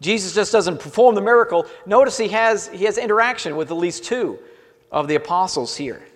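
A male pastor preaching a sermon in a church, in an earnest way, often letting his phrases trail off softly at the ends. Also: high voice, animated, fairly quick. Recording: long hall reverb.

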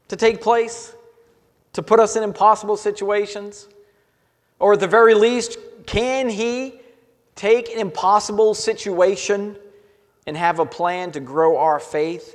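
Male pastor, high voice, earnest sermon, phrases trailing off softly, long reverb in a church hall.

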